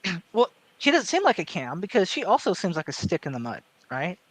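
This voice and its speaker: A man speaking in an articulate, measured way during a casual panel chat, with no regional accent. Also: high voice, wildly swooping pitch, a bit bright, dry recording. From American South. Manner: articulate, measured, with many fillers and restarts. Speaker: panel guest.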